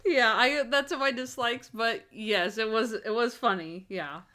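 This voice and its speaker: A woman co-hosting a podcast in casual chat, rambling through her points with quick asides and frequent giggles. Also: fairly high pitch, sharp tone. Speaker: podcast co-host.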